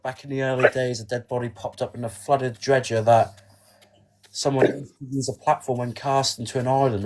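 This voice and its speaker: A man's voice: mid-range voice, darkish tone. A man guesting on a casual podcast, talking hesitantly with many fillers and reading a list aloud a bit stiffly.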